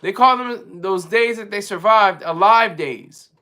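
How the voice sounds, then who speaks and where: A man's voice: sits high, unhurried, sharp tone. A man hosting a live stream in a casual, rambling monologue, giving strong opinions and often stopping to search for words as he answers his chat.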